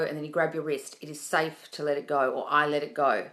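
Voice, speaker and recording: This woman speaks briskly in a low, flat, fairly bright voice. As a manifesting coach running a casual Q&A over a phone livestream, she's chatty and reassuring, addresses viewers as darling, and curses from time to time.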